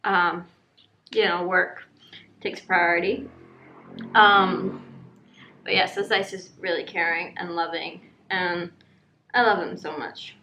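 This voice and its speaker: A woman's voice: fairly even intonation, slow pace, pauses often, sharp tone, roomy sound, highs cut off, a little hiss or hum. A woman chatting casually in a vlog, rambling with lots of fillers. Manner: high baby-talk when cooing to her dogs. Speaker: vlogger.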